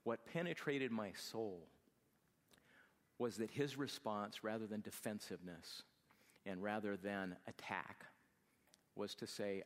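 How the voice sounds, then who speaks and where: Low-voiced man telling a story in a hall. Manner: quiet, slow and hushed at tender moments. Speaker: speaker telling a personal story. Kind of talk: emotional personal testimony.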